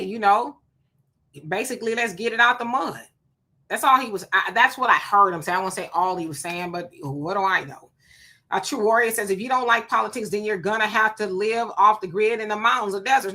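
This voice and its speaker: A woman hosting a live talk stream, chatting casually and reading viewer comments aloud in an animated way. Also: medium pitch. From California. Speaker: live show host.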